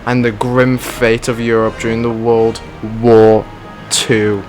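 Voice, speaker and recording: Man, mid-pitched voice, slangy, joking gameplay commentary, soft music under it. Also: flat delivery, takes it slowly. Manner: joking, slangy, says "dude" a lot. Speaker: gaming video creator.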